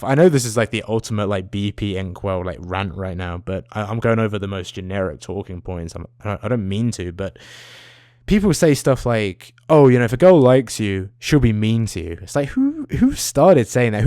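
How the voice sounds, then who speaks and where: A young man rants in a casual vlog. His voice sits fairly low and sounds close and dry, with almost no room sound around it. He swears freely and rambles, restarting his sentences as he goes. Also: no room sound. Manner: animated, swears a lot, trails off into tangents. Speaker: vlogger. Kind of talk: profane rambling rant.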